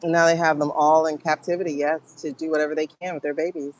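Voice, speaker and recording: A woman's voice: deep voice, little pitch movement, fast talker, darkish tone, slight background noise, rough recording. A woman giving a livestream tarot and pendulum reading, talking to her viewers in an emotional, exclaiming way.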